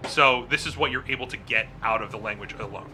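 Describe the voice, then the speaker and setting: Bright-voiced man running a tabletop game. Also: medium pitch, fast talker, slight background noise. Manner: casual, laughing, swears. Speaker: game master.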